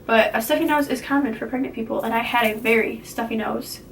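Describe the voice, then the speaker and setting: A woman's voice: a little high, quick pace, vocal fry. A young woman chatting casually in a pregnancy update vlog, rambling with fillers and giggling easily. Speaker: vlogger sharing a pregnancy update. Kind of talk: casual chat. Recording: slightly distant mic with faint noise.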